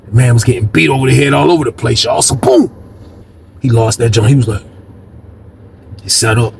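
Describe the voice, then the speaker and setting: A man casually telling a story from jail life, animated and slangy, repeating words for emphasis. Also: medium pitch, a little fast, vocal fry, pauses often, slight background noise.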